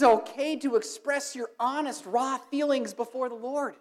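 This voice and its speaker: Speaking in a high, slightly mellow voice, a woman delivers a sermon to her congregation at a measured pace with hardly any pauses. She grows from emphatic to impassioned, repeating her questions again and again.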